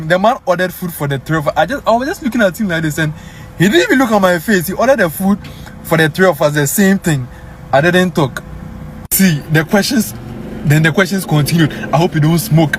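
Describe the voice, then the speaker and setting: A young man casually telling his viewers a story, animated and peppered with "guys" and "bro.". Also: high-pitched, slight background noise. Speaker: vlogger.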